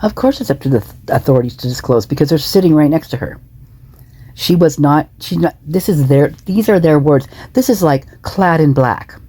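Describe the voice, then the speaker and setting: Low, husky woman commenting with indignation. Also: lively intonation, fairly quick, warm tone, no echo. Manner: indignant, repetitive, emphatic. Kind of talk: reaction commentary.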